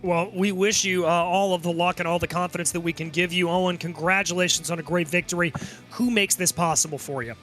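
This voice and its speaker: A man commentating a sim race, reading finishing orders quickly and interviewing drivers. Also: high voice, fairly even intonation, a bit bright. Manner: rapid results rundown, interviewing drivers. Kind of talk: play-by-play sim racing commentary. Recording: music bed under the voice.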